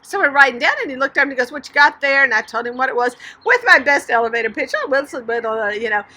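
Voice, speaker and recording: Bright, high-voiced chatty woman. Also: fast. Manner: chatty and animated, with laughs and sighs. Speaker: writing channel host. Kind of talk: personal storytelling to camera.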